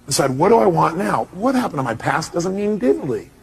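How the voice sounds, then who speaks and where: A man's voice: fairly high pitch, very animated, fairly quick, creaky, a little mellow. A middle-aged man giving an emphatic seminar talk and firing rhetorical questions at his audience. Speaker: motivational speaker.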